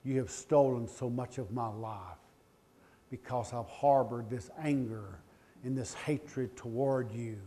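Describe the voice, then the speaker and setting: Before a live crowd, a middle-aged motivational speaker tells a personal story slowly in a mid-range voice. His passionate delivery shifts from loud pleas to hushed, emotional admissions.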